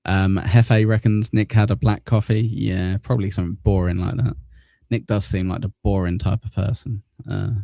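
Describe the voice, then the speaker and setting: Hosting a casual livestream news show from a desk mic before a green screen, this man jokes around, reads viewer comments out loud, and throws in crude insults. His voice is gravelly and dark, sitting on the low side. The studio-quality recording has no room sound.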